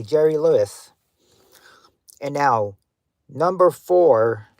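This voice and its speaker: Halting man hosting a game stream. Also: mid-range voice, a little mellow, dry recording. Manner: halting, hunts for words with many fillers; gives clues to players, talks to chat. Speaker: livestream game host. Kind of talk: casual livestream game hosting.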